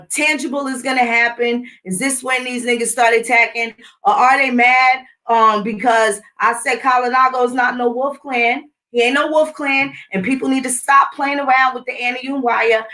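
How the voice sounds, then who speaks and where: Her voice is on the high side, pushed and bright, picked up by a distant mic. The middle-aged woman hosts her own channel and launches into a casual, combative rant full of blunt profanity.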